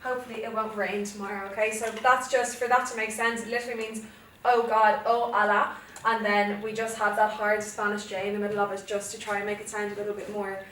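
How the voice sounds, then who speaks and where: A woman's voice: medium pitch, little pitch movement, fast, hardly any pauses, a bit bright. A young Irish woman teaching a Spanish revision lesson, explaining step by step and often checking "okay?". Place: classroom. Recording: echoey classroom from far off, faint noise.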